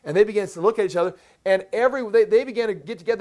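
High-voiced man teaching a sermon. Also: darkish tone. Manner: emphatic, explaining step by step, slows to stress words. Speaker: pastor. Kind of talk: sermon, verse-by-verse Bible teaching.

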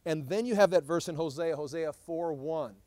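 A middle-aged man, teaching a Bible study in an animated way, often restarting his sentences. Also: fairly high pitch, moderate pace, no echo. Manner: animated, acts out scripture quotes, frequent restarts.

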